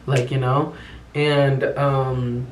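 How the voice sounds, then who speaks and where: A man's voice: mid-range voice, level tone, very slow, slight background noise. Young man telling a profane story in an echoey room. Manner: profane, slangy, rambling storytelling. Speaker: vlogger. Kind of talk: casual storytime vlog.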